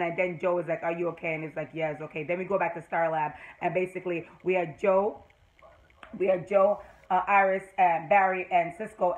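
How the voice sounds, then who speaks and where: Jamaican woman, excitable TV fan reviewer, chatty rambling recap. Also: medium pitch, poor audio. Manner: excitable, rambling retelling with many fillers. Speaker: TV episode reviewer.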